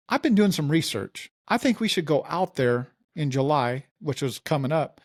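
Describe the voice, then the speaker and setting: A man's voice: fairly high pitch, moderate pace, hardly any pauses. A man, a mortgage company founder, telling his story in a casual interview and acting out the dialogue.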